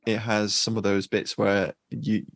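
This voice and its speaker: A man co-hosting a film podcast, weighing up a film in a measured, thoughtful way. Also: lowish voice, little pitch movement, vocal fry, no echo, clean studio sound. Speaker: podcast co-host. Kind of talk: casual film review chat.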